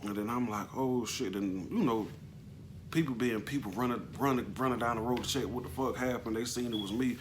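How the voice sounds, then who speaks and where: A man casually recounting a personal story, halting and slangy, with plenty of emotion. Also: medium pitch, slight background noise. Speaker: vlogger telling a personal story.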